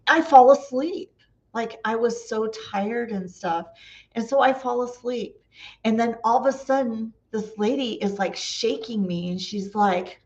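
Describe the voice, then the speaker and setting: A woman vlogger tells stories in a casual, chatty way, acting out the voices in each exchange and laughing often. Her pitch sits mid-range for a woman. The recording is slightly dull, with a lo-fi edge. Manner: chatty, laughs often, acts out quoted dialogue. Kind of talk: casual storytelling.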